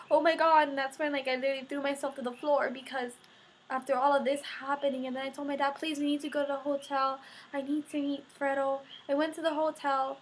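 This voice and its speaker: A teenage girl with a high voice tells a story to her camera, gushing and breathless and packing every sentence with "like" and quoted reactions. A faint noise sits under the recording. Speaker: vlogger.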